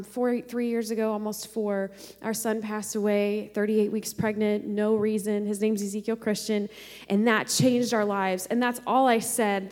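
A woman pastor in her thirties sharing an emotional personal testimony in a sermon, often quoting others in a softer voice. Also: fairly high pitch, in a large hall.

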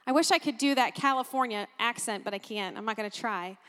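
A woman preaching a sermon, animated and emphatic, exclaiming and repeating phrases for emphasis. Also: a little high, fairly quick, long reverb tail. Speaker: pastor.

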